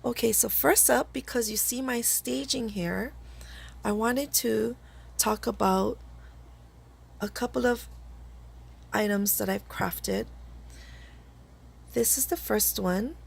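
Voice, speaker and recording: Slow, gravelly-voiced woman with a cold. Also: on the high side, steady tone. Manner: chatty, slightly halting explanations. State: hoarse with a cold. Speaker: craft video host. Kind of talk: casual craft tutorial chat.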